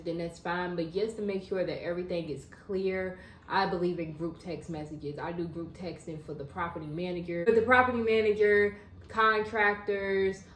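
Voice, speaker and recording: A woman's voice: on the low side, roomy sound, a little hiss or hum, low-quality recording. A woman co-hosting a casual chat, talking in a chatty way and laughing often. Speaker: co-host.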